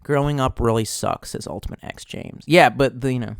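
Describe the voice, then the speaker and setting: A young male streamer with a mid-range voice and vocal fry talks fairly quickly, recorded in studio quality with no echo. His casual livestream chatter is rambling, sarcastic and full of cursing, and he reads viewer chat aloud.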